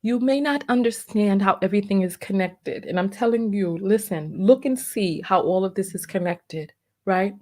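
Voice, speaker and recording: A woman's voice: mid-range voice, moderate pace, a little mellow. A middle-aged woman vlogger talking emotionally about her past business and her book, fighting back tears and repeating herself. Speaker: vlogger and entrepreneur. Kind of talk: emotional personal vlog.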